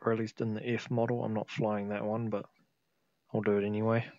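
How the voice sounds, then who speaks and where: A man's voice: lowish voice, level tone, a little fast, a little mellow, dry recording, muffled recording. A tired man casually commentating a flight sim game he is playing, thinking aloud and humming to himself. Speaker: gameplay video host.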